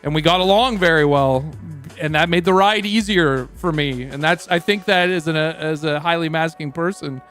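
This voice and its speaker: A man's voice: a little high, normal speed, fairly bright tone, soft background music. A young Canadian man with a Canadian accent, chatting on stream, rambling and swearing freely as he tells a story. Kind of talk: casual stream chat.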